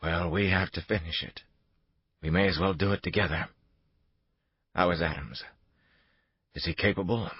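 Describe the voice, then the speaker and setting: A man playing a smooth-talking, persuasive lobbyist. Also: deep voice, highs cut off. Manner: measured, persuasive. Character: calm, persuasive older male lobbyist.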